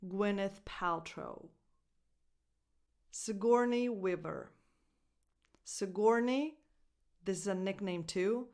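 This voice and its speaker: A woman coaching English pronunciation, repeating each word slowly and carefully and spelling out its sounds. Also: mid-range voice. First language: Italian. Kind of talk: pronunciation lesson.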